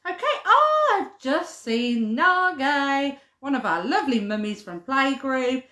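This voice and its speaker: A woman leading a live-streamed toddler playgroup, talking in a chatty, sing-song way to little ones and their parents. Her voice sits high and swoops widely, and she takes her time. The recording has an echoey room sound. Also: big pitch swings, slow, pushed and bright. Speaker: playgroup leader.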